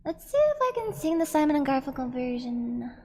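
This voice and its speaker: A woman's voice: high-pitched, sing-song, fairly quick, darkish tone, big-room sound, slight background noise. A woman streamer chatting playfully with her chat between karaoke songs. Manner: chatty, reads chat aloud, playful complaints. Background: karaoke backing track.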